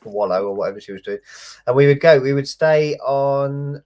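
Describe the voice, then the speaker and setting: A man on a video call, chatting easily with a friend. He talks in a plain, mid-pitched voice and often stops to say um and uh before going on. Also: fairly quick, a little mellow, dull audio. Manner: easygoing, hesitant, lots of fillers. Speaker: co-host, police officer. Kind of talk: casual chat.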